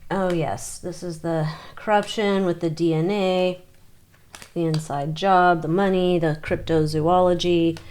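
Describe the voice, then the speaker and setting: Lady with a lowish voice chatting thru a tarot reading, thinking out loud, bit of swearing. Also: steady tone, a little slow, clear, resonant tone. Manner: thinks aloud, loose and chatty with mild swearing. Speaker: tarot reader. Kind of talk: casual tarot reading monologue.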